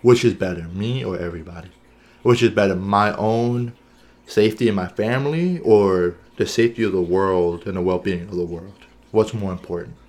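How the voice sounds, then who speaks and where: A man's voice: sits low, normal speed, a little mellow. A man co-hosting a podcast in casual chat, earnest and thinking aloud, often checking in with "right?". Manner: earnest, thinks aloud with many "right?" and "you know what I'm saying?". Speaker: podcast co-host.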